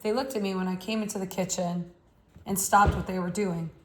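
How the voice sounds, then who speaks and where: Woman, audiobook reader, measured steady narration, mid pitch. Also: noisy background. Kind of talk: reading a novel aloud.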